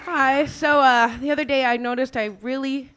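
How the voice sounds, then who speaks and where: A woman's voice: sits high, steady tone, moderate pace, a loud crowd, very noisy. A woman doing a nervous, self-deprecating stand-up set. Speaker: stand-up comedian.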